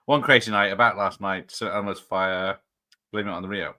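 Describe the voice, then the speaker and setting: A man's voice: fairly low pitch, steady tone, normal speed, pushed and bright. A man hosting a film watch party, chatting casually, rattling off film titles and laughing often. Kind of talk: casual chat.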